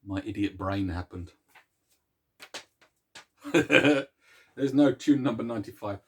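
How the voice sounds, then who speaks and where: A man's voice: fairly low pitch, slow, slightly rough. Chatty self-mocking man. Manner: rambling and self-mocking, with restarts. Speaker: host of a music series. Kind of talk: casual chat to viewers.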